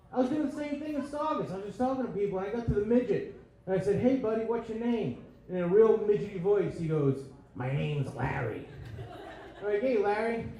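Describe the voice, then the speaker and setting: Brash, profane comedian in an echoey club. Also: male voice, sits high, warm tone. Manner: brash, profane, laughing at own jokes. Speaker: stand-up comedian. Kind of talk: crude stand-up set. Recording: very echoey club room with crowd.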